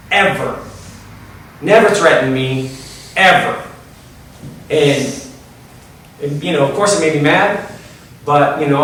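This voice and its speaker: A man's voice: on the high side, fairly bright tone, a little hiss or hum. A man telling a personal story to an audience in a loose, conversational way, full of fillers and restarts. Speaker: storyteller, speaker. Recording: echoey hall from far off.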